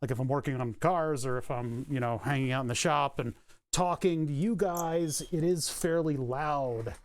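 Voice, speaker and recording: A man talking off the cuff to viewers on a live stream, recorded close on a desk mic at home. His delivery rambles, full of fillers and restarts. When he addresses his dog, his voice jumps up into high, sing-song baby talk. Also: normal speed. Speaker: livestreamer. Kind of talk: casual live-stream chat. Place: home workspace, indoors. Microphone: desk mic on a cable.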